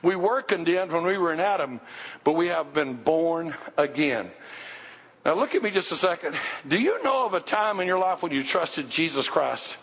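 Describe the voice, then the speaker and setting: High-voiced preacher in an echoing hall. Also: male voice, animated, normal speed, fairly bright tone, slightly rough, lo-fi sound. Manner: emphatic, asks the congregation questions. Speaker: pastor. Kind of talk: sermon. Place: church sanctuary.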